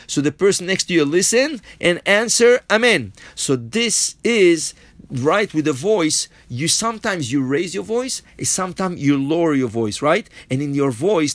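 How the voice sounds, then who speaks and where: Torah teacher, man, slightly high voice, patient stepwise explaining, dry close sound. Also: fairly bright tone, dry recording. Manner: explains step by step, often asks "right?". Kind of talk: Torah lesson.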